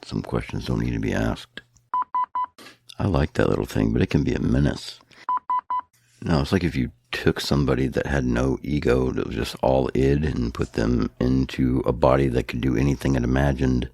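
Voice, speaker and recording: Male podcast co-host, very low and gravelly, dry deadpan humor. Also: moderate pace, noisy background. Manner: deadpan joking. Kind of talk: casual chat.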